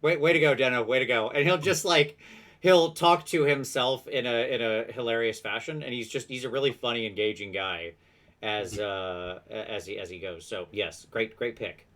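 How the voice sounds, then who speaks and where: A man hosting a podcast, chatting casually with quick asides and self-deprecating laughs. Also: medium pitch, fairly bright tone. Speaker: podcast host. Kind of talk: casual chat.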